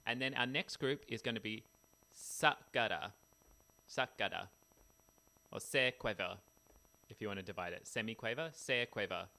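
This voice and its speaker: A man's voice: mid-range voice, a little fast, sharp tone. A man teaching music theory in a casual, chatty way, tired after a poor night's sleep. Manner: chatty, sings rhythms with scat syllables.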